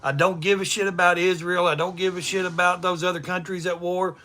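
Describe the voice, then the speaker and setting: A man's voice: high voice, level tone, brisk, bright, forceful tone. A man, ranting bluntly and profanely on a livestream. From East Tennessee, USA. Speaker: livestream host. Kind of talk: unscripted livestream rant.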